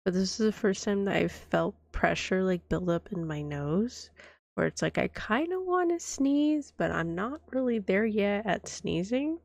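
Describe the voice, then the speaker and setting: A woman speaks in a whispered role-play, nursing a cold that leaves her coughing. She talks slowly and drifts off mid-thought, her voice carrying a gravelly fry. The close microphone sounds dry, with no room in it. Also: mid-range voice, animated, no echo. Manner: soft-spoken, rambling, trailing off. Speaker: vtuber streamer.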